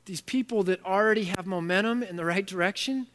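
A man preaching a sermon as a pastor, animated and emphatic, telling stories in a casual way. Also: sits high, a little fast. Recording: long hall reverb.

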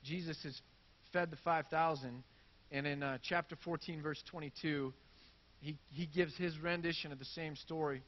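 A man's voice: on the high side, fairly even intonation, moderate pace, lo-fi sound. A man preaching a sermon in a casual, conversational way, reading scripture and acting out the crowd's reactions. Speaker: pastor.

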